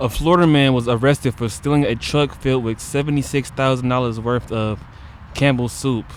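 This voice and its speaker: A man from Detroit, a street performer, reading jokes in an unhurried way and laughing through his own lines outdoors. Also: medium pitch, steady tone, a little hiss or hum. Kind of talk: casual joke reading.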